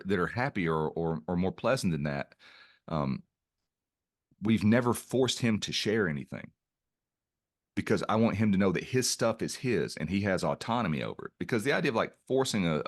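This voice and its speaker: Podcast guest, middle-aged man, low pitch, earnest storyteller who restarts his sentences. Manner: earnest, stops to restart phrases. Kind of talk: reflective interview storytelling.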